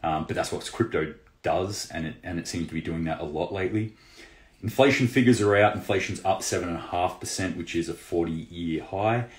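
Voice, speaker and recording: Male host, casual news commentary; deep voice, chatty with restarts, roomy sound. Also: fairly quick. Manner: loose and conversational, many fillers and restarts. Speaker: prepping channel host. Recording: roomy echo.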